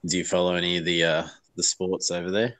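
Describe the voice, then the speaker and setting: Australian man, very low voice, easygoing, laughs a lot, casual guest chat, dry sound. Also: little pitch movement, quick pace, fairly bright tone, no echo, rough recording. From Melbourne, Australia.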